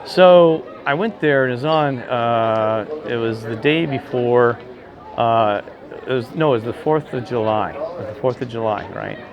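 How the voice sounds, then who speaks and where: A man telling a rambling, excitable story in casual chat, gesturing as he talks outdoors. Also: medium pitch, measured pace, muffled recording, crowd noise. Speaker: vlogger telling a ghost story.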